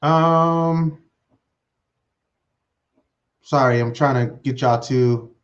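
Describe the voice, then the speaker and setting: A man hosting his own solo talk show, excited and rambling, with lots of fillers and restarts as he talks at his computer. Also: mid-range voice, extremely slow, muffled recording. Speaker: host. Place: home desk setup with green screen.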